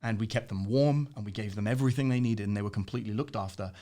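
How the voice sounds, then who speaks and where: A man in a casual interview, an animated storyteller who laughs often. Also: on the low side, fast. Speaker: interview guest.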